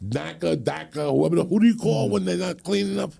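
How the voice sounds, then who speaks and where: A man's voice: fairly high pitch, brisk, gravelly. A man in his sixties casually telling a story on a podcast, swearing freely and laughing as he goes. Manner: profane, animated, laughs through his stories.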